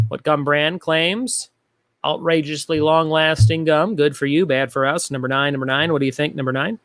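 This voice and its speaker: A man's voice: on the high side, fairly even intonation, moderate pace, a bit bright, no room sound, studio quality. A man hosting a live online trivia game, reading questions, repeating them and joking with viewers. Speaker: trivia host.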